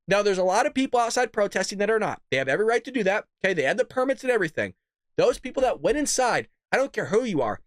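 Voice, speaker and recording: Man, political commentary host, ranting, profane, loud then muttering, dry close sound. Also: sits high, no room sound. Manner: heated, profane, sudden swings from loud to muttered.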